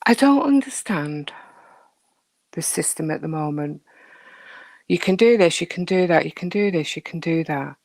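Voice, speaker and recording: A woman's voice: low voice, normal speed, vocal fry, a little mellow, no echo. A woman hosting a casual live chat with her viewers, teasing and chatty as she answers them. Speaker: livestream host chatting with viewers.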